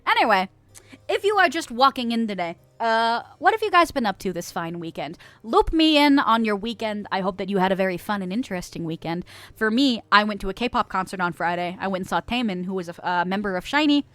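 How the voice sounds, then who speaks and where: A woman's voice: mid-range voice, lively intonation, a little fast, fairly bright tone, no room sound. A young woman from Las Vegas chatting casually on a livestream as a VTuber, giggling often, swearing casually and reading viewer messages aloud. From Las Vegas, United States. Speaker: VTuber streamer. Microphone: close studio mic.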